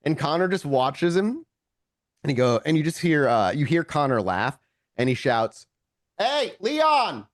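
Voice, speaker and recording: A man running a tabletop game, talking the players through each scene in a loose, casual flow. His voice sits at an ordinary pitch and is recorded dry and close. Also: normal speed, no room sound. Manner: relaxed, rambling narration. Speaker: game master.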